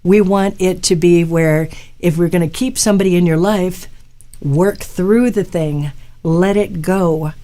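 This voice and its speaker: A woman hosting a live talk show as a hypnotherapist. Her voice sits on the lower side and sounds dark and mellow. She gives earnest advice and speaks straight to her listeners. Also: a little slow.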